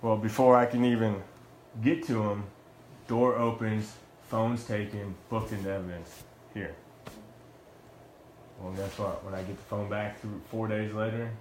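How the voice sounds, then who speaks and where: A man's voice: fairly low pitch, little pitch movement, normal speed, long pauses, roomy sound, slight background noise. A young man, a former Marine, telling the story of his own arrest in a heated, blunt way, with swearing and many restarts. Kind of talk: heated first-person account.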